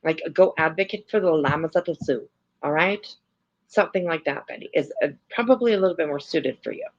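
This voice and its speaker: Woman streamer, gravelly and a bit low, rambling casual chat with fillers, lo-fi stream audio. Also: animated, fairly quick. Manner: rambling, many fillers, laughs, swears. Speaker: livestream host. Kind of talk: casual livestream chat and commentary.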